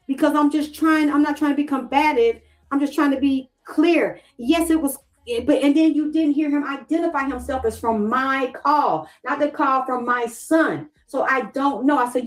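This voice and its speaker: A middle-aged woman from the Southern United States hosts an emotional livestream, her voice on the high side and fairly quick with few pauses, though the audio is poor. In a Southern accent she keeps pressing viewers with the same questions, breaking off to thank them and read their comments aloud.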